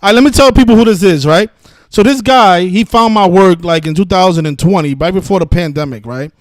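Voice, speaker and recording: A man with a high voice rants on a live stream, combative and full of curses, tripping over restarts as he talks. The sound is dry and close, with no room around it. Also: fairly quick, no echo. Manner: combative, cursing, repetitive restarts. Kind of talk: heated live-stream rant.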